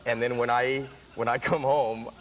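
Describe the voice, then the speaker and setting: A man's voice: medium pitch, steady tone, moderate pace, a little hiss or hum, low-quality recording. A man as a talk show guest, joking and rambling, laughing at his own jokes. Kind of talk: casual talk show chat.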